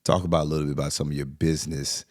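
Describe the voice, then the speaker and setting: A middle-aged man hosts an interview podcast in a relaxed, folksy tone. His voice is very deep, and he reflects out loud and follows up with questions. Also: very fast. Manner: folksy, reflective, drops sayings and asks follow-ups. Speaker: podcast host. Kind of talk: casual interview chat.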